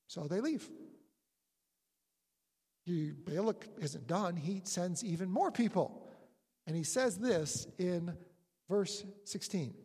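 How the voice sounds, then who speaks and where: Husky, lively preacher in an echoey hall. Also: mid-range voice, slow pace, long pauses. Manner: storytelling, animated retelling with acted-out quotes. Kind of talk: sermon.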